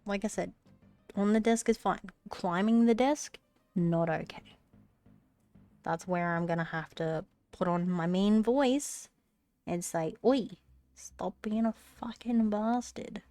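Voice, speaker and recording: A woman's voice: fairly low pitch, slow, pauses often, a little mellow, no room sound, faint music behind. A woman live-streaming while she crochets, chatting casually, swearing at her cat and often dropping to a whisper, a little phlegmy.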